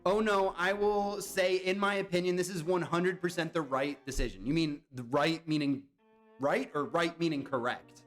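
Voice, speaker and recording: A young man streamer chatting casually and reacting to viewers' comments while playing browser games. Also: a little high. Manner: animated, chatty, reads and answers chat. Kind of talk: casual live-stream chat.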